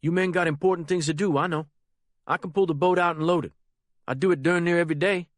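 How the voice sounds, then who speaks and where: A man voicing a simple, frightened young male drug courier, speaking in a nervous, eager drawl set higher than his narration. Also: steady tone, fast talker, no echo, studio quality, lightly acted. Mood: anxious.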